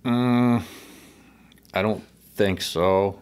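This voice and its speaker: A low-pitched man from the northeastern United States recounts a harpooning trip in casual podcast chat. He swears freely and turns animated when he tells the story. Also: drawn-out words, smooth. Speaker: podcast guest, harpoon fisherman. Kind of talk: casual storytelling over beers.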